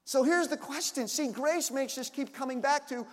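Man, pastor, sermon, very high voice, dynamic delivery, loud bursts and quiet asides, long hall reverb. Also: normal speed.

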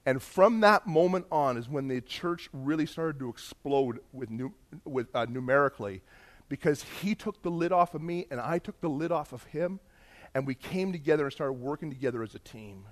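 High-voiced animated male preacher. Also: moderate pace. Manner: animated, emphatic, acts out dialogue. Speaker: pastor. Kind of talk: sermon storytelling.

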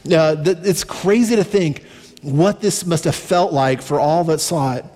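A man preaching a sermon as a pastor, conversational and slowing down on key points. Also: fairly high pitch, darkish tone. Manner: conversational preaching, slows down for emphasis. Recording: long reverb from a large hall. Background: faint music.

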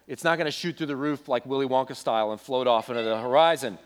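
A young adult male pastor preaching a sermon, telling a story in a casual, animated way with asides to the congregation. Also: mid-range voice, quick pace, clean tone.

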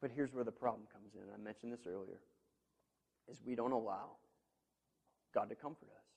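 A man preaching a sermon as pastor, earnest and conversational, swinging between quiet, intimate asides and loud, emphatic passages. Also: on the low side, a little fast, creaky, husky. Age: parent of children. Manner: earnest, with conversational fillers and restarts.

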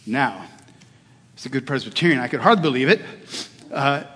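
A man's voice: mid-range voice, lively intonation, moderate pace, a bit bright, slightly rough. A middle-aged male pastor preaching a sermon, telling a personal story in an earnest way with hesitations and restarts. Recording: long hall reverb.

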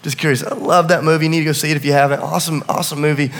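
A middle-aged male pastor with a high voice preaches in a large church auditorium. He swings between quiet, close asides and rising, urgent passages. His words ring out with a long, hall-like reverb. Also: steady tone, racing. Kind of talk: sermon.

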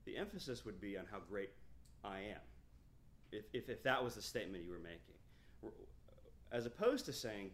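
In this expository sermon, a man in his thirties reads scripture with emphasis, then unpacks it in a conversational way, frequently starting over. He speaks at normal speed in a lowish, fairly bright voice with lively intonation.

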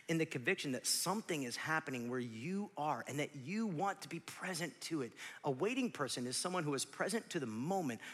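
A man in his forties preaching a sermon, swinging from loud shouts to near whispers, with joking asides to the congregation. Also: fairly high pitch, big-room sound. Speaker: pastor.

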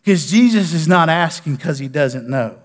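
A male pastor preaching with passion, his fairly high voice rising in fervent appeals and falling to a hushed plea. A long reverb trails each phrase, as in a church sanctuary. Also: lively intonation, moderate pace. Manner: impassioned preaching that drops to soft, prayerful pleading. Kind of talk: sermon.

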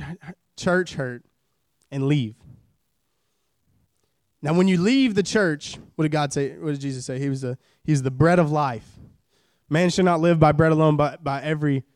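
A young man in his twenties delivers a church sermon in a loose, joking way, hammering points home by repeating them. His voice sits a little high and sounds smooth and resonant. The sound is close and dry. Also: normal speed, darkish tone, no echo. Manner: casual, joking, repeats phrases for emphasis. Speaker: preacher. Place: church service.

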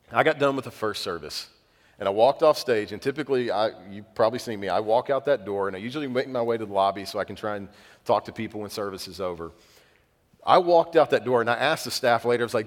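A man preaching a sermon as pastor, telling conversational, self-deprecating stories. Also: lowish voice. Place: church sanctuary. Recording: long reverb of a church hall.

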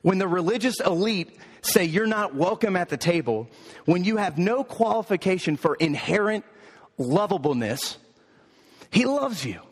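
A pastor with a fairly high voice delivers a rhythmic sermon and builds his points through emphatic repetition. His words ring out with a long hall reverb behind them. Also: lively intonation, normal speed. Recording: echoey hall.

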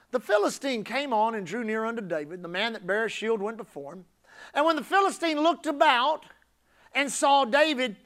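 A male pastor preaching a sermon emphatically, building up to shouted climaxes. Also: very high-pitched.

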